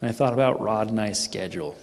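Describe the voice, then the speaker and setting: A middle-aged man telling a funny personal story at a team training, animated and self-mocking. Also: lowish voice, quick pace, creaky, a little hiss or hum. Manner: animated, humorous, acts out his own panicked voice. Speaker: speaker at a sales team training. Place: event hall. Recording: echoey hall reverb.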